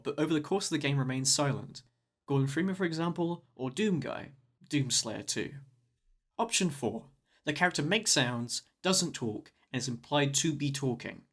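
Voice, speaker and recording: A man's voice: fairly high pitch, big pitch swings, fairly quick, fairly bright tone, husky, faint music behind. A man narrating a scripted video essay, with wry, jokey asides.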